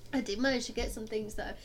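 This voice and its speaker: A young woman, co-hosting a casual chat and telling stories in a lively, animated way. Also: a little high, a little hiss or hum. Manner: chatty, animated storyteller who mimics people loudly. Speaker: podcast co-host.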